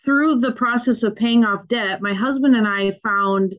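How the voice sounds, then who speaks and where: Minnesotan woman, podcast guest, upbeat and chatty, fairly high voice, slightly dull lo-fi sound. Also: a little slow, fairly bright tone. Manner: upbeat, chatty, many fillers. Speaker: guest, nurse practitioner and money coach. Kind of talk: casual podcast interview.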